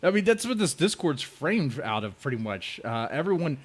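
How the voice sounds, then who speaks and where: A man's voice: fairly high pitch, sing-song, moderate pace, husky. A man hosting a casual comedy podcast, who laughs often and stumbles over his words. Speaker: podcast host.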